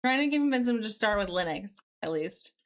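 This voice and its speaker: A young woman live streaming as she codes, reading chat aloud and thinking out loud with many fillers. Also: medium pitch, expressive, moderate pace. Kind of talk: casual live-stream chat while coding.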